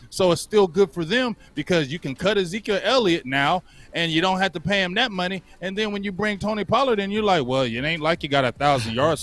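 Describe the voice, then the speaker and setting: A man's voice: on the high side, a bit bright. A man co-hosting a casual sports debate, argumentative, building his point with rhetorical questions. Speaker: sports podcast co-host.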